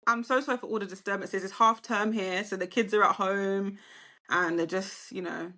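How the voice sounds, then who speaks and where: A woman's voice: medium pitch, fairly even intonation, normal speed, pushed and bright. An English woman, a guest on a casual football chat, talking in an upbeat, laughing way.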